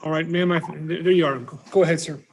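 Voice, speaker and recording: A man's voice: fairly high pitch, fairly even intonation, quick pace, vocal fry, slight background noise. Folksy man presiding as judge. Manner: folksy, explains rulings. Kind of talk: presiding over a hearing. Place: courtroom.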